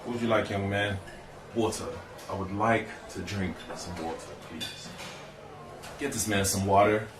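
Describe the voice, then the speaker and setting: A man's voice: lowish voice, fairly even intonation, measured pace, reverberant, far from the mic, natural voice. A man playing a polite, puzzled customer in a comedy sketch, speaking in formal, overly courteous phrases. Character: polite, puzzled male customer ordering food.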